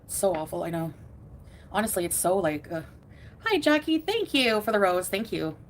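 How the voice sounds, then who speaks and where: A woman's voice: mid-range voice, sing-song, normal speed. A woman chatting casually on a live stream, reading out viewer names and giggling often. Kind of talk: casual livestream chat.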